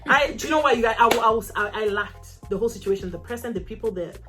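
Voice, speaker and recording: A young woman in her twenties hosting a casual chat with friends, telling a story in an animated way and repeating her lines. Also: a little high, fast, over music. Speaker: vlog host.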